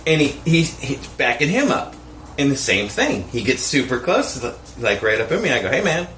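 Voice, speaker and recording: Male podcast co-host, expressive storyteller, roomy sound with light noise. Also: medium pitch, moderate pace. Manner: animated, profane storytelling with quoted voices. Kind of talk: casual storytelling chat.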